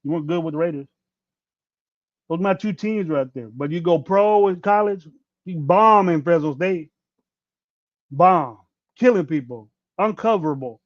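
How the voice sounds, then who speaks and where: A man's voice: on the high side, normal speed, long pauses, no room sound. A man in his fifties hosting a sports podcast, ranting bluntly with plenty of profanity and rambling restarts. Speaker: podcast host. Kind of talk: casual livestream rant. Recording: dull dry lo-fi mic.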